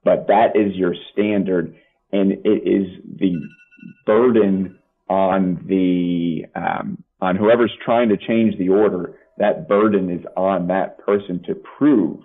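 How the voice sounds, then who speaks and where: Lawyer on a tinny line. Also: male voice, sits low, steady tone, takes it slowly. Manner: plain-spoken, practical, explains with examples. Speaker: family law attorney guest. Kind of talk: podcast interview, explaining law.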